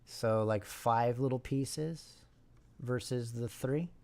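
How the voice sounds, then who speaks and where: A man streaming a language study session, thinking aloud and slowly repeating syllables to practice pronunciation, sometimes dropping to a whisper. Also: medium pitch, dark tone. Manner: slow, repeats sounds and syllables, drops to a whisper at times.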